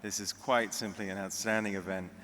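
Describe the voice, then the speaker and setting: A man's voice: fairly low pitch, steady tone, fairly quick, a bit bright, slight background noise. A man from the UK, giving a speech at a convention and telling anecdotes and jokes. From United Kingdom. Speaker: convention speaker. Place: large convention hall. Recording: long hall reverb.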